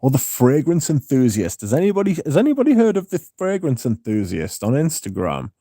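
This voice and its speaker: A man's voice: medium pitch, huge pitch swings, brisk, mellow, no room sound. A man hosting a casual livestream, reading viewer comments aloud and answering them with dry, sardonic banter. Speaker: livestream host.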